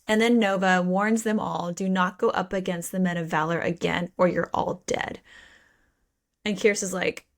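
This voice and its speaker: A woman with a lowish, steady voice at normal speed co-hosts a podcast. She recaps a book in casual chat, with playful swearing and mock quotes.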